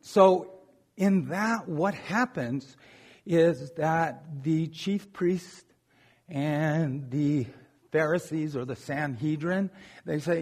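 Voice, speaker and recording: A man's voice: fairly high pitch, animated, slow, husky. A man preaching a sermon in a conversational, joking way, often checking in with "okay?".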